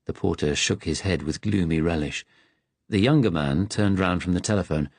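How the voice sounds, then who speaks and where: A man reading an audiobook in steady, measured scripted narration. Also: sits low, no room sound.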